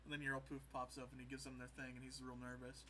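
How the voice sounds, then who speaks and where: Very bright-voiced man retelling scenes. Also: mid-range voice, monotone, a little hiss or hum. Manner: retells scenes with quick put-on voices, laughing often. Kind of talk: casual chat recapping a comedy show.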